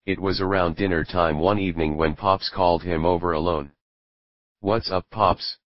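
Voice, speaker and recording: A man reading fan fiction aloud as narrator, in an even, measured way. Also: deep voice, dry recording, lo-fi sound.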